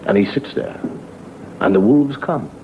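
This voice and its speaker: A middle-aged man, a comedian and host, telling a spooky tale slowly and dramatically, dropping to a hush in places, on a dull, hissy old TV recording. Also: mid-range voice. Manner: slow, dramatic, hushed in places. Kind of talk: theatrical storytelling.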